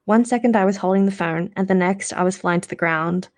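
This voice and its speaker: A woman's voice: mid-range voice, a little fast, darkish tone. A woman reading a novel aloud casually on a live stream, correcting her slips and adding short asides. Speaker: reader of novels.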